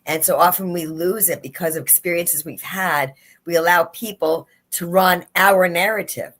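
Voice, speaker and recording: A woman's voice: lowish voice, fairly even intonation, moderate pace, fairly bright tone. A woman life coach speaking earnestly in a livestream interview over a video call, repeating her key phrases for emphasis. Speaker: guest, life and leadership coach. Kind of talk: livestream interview, motivational talk.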